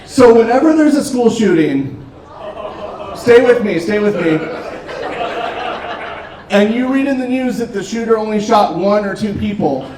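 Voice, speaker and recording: Stand-up comedian, male, high voice, deadpan dark material, recorded from a distance in a roomy club with a live crowd. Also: a little slow, pauses often. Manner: deadpan dark jokes with filler ums. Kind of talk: stand-up set. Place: restaurant comedy stage. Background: audience laughter.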